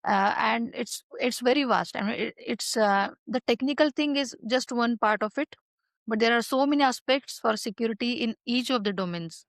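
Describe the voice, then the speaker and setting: A woman with a fairly high voice talks through her answers as a guest expert, pausing often on fillers and restarting her sentences. The sound is dry and close, with no room echo behind her. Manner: hesitant, many fillers and restarts. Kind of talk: conversational interview answers.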